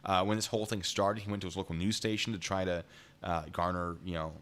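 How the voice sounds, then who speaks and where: A man telling a story on a live stream, excitable and rambling. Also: deep voice, fast talker.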